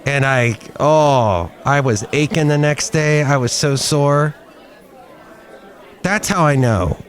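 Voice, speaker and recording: Chatty man with a rough post-covid voice. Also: medium pitch, takes it slowly, some chatter behind. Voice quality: rough, smoker-like after illness. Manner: chatty, joking, rambling asides. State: recovering from covid, slightly rough voice. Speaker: podcast host. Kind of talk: casual podcast chat. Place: cafe.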